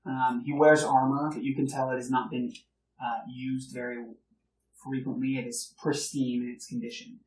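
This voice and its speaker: A man running a tabletop game as game master, narrating in a relaxed, hesitant way. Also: medium pitch, normal speed. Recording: roomy, distant mic.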